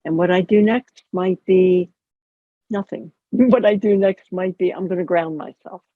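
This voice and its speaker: A woman chaplain calmly teaching a mindfulness practice over a video call, conversational and gently humorous. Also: on the low side, a little slow, dry recording. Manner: calm, conversational, gently explaining with light humor. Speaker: chaplain and educator. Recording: dull lo-fi video call audio.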